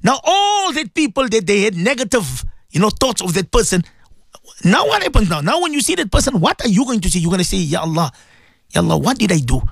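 A man hosting a religious radio show, telling a story in a lively way, often repeating phrases and mixing in Arabic and Urdu words. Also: extremely high pitch, fairly quick, dry recording, clean studio sound. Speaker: radio presenter and imam.

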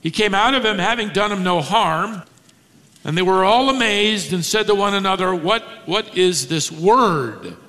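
A man's voice: high voice, normal speed, pushed and bright. A man preaching an expository sermon, teaching with emphasis, rhetorical questions and repeated key words. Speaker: pastor. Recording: long hall reverb.

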